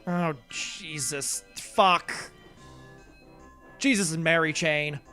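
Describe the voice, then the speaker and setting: A man's voice: fairly high pitch, drawn-out words, sharp tone. A man streaming a video game live, chatting casually with viewers in a rambling, self-deprecating way and swearing now and then. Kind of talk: casual live gameplay commentary. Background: faint game music.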